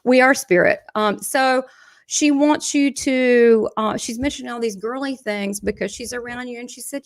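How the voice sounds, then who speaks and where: A woman's voice: on the high side, normal speed. A woman with a Southern US accent, a psychic medium chatting and laughing as she passes on spirit messages. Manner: chatty, laughs often, relays quotes from spirit. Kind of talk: live medium reading.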